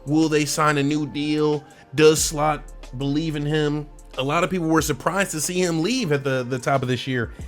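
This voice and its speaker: Animated man talking football transfers. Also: fairly high pitch, normal speed, soft background music. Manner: animated, slangy, laughs often, addresses fans directly. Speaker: sports channel host. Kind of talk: casual football transfer commentary.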